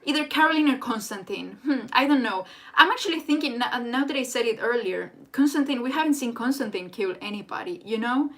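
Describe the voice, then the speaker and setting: A young woman, a native Spanish speaker, hosting a casual live chat in an excitable, rambling way. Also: fairly high pitch, fairly quick, hardly any pauses. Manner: excitable and rambling, with frequent restarts. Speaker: livestream host. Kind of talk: casual live chat reading viewer comments.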